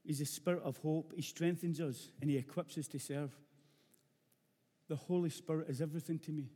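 A middle-aged man from Glasgow with a rough Glaswegian Scottish accent, preaching a sermon bluntly and earnestly, repeating phrases for emphasis. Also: fairly high pitch, steady tone, brisk, mellow. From Scotland, Glasgow. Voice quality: rough-edged. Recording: long hall reverb.

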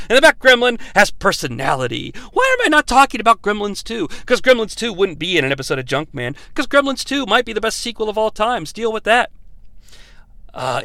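Animated, swearing movie-review host. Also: male voice, sits high, no room sound. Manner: profane, sarcastic ranting. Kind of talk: comedic movie review rant.

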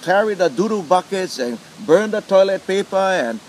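A man's voice: sits high, moderate pace, slight background noise, poor audio. A middle-aged man with a Hawaiian Pidgin accent, a lomi lomi practitioner telling stories in an interview and acting out quoted voices. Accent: Hawaiian Pidgin English. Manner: animated, acts out quoted voices. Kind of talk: storytelling interview.

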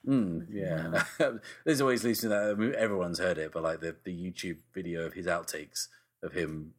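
Low-voiced chatty man. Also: normal speed. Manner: chatty, laughs often, trails off. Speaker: podcast co-host. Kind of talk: casual film chat.

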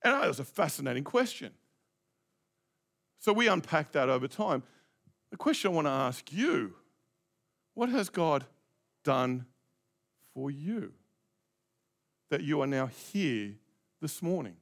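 A man's voice: on the high side, very animated, measured pace, gravelly, pauses often, fairly bright tone. A middle-aged male pastor preaching a reflective, conversational sermon, asking his congregation direct questions.

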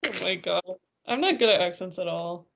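A woman's voice: on the low side, expressive, moderate pace, creaky, fairly bright tone, dull audio. A woman co-hosting a podcast in casual chat, wry and teasing, laughing often. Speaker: podcast co-host.

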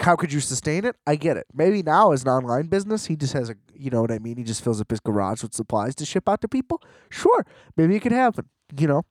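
Podcast host, man, rambling profane rants, dry close sound, voice sits a bit high. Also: no echo. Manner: rambling, profane, animated ranting. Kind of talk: casual comedic monologue.

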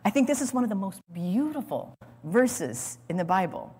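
A woman's voice: medium pitch, big pitch swings, moderate pace, a little mellow, husky. Brief: woman Bible teacher preaching with dramatic storytelling, mid voice, echoing large hall. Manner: dramatic storytelling, repeats words. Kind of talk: sermon. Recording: long hall reverb.

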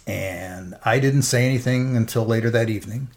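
A man's voice: mid-range voice, normal speed. Middle-aged man, interview guest, emotional personal testimony. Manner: earnest, emotional storytelling.

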